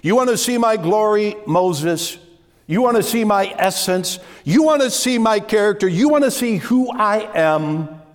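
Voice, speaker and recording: A preacher voicing God speaking to Moses. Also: male voice, high-pitched, expressive, voice pushed up. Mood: declaiming. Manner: declaiming, quick and raised. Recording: long hall reverb.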